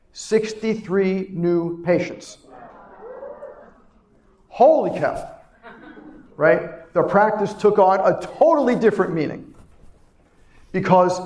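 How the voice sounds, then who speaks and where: A man's voice: on the high side, darkish tone. A middle-aged man, a chiropractor, giving an inspirational keynote speech live at a conference. He talks emphatically, repeating key lines and putting questions to the audience. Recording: echoey hall sound.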